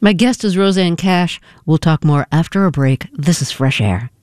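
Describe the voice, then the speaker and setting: A radio interview host asks engaged, curious questions and sometimes restarts mid-sentence. The voice is smooth and clear, recorded close in a dry studio. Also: medium pitch, expressive, normal speed, darkish tone, no room sound. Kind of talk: radio interview and scripted introductions.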